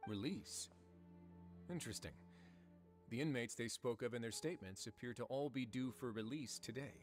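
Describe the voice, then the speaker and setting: An actor playing a calm, authoritative male warden who talks in a measured, dry way, from a video game. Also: medium pitch, soft background music, close to an everyday voice. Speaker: prison warden.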